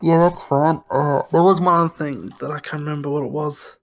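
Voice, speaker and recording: A man's voice: a little high, steady tone, a little fast. A young Australian man co-hosting a casual podcast chat, telling stories in a rambling, stop-start way. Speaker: podcast co-host.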